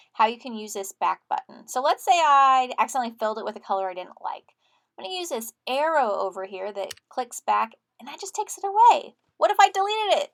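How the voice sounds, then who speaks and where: Woman teacher, slightly high voice, friendly step-by-step tutorial narration for students. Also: a bit bright. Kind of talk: screen-recorded software tutorial.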